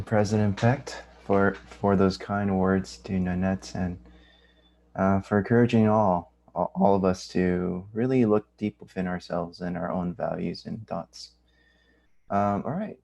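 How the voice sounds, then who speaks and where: A man's voice: low-pitched, steady tone, measured pace, vocal fry, warm tone. A man hosting a virtual graduation, politely introducing student speakers with hesitant fillers. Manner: polite, hesitant, apologetic about names. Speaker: ceremony host.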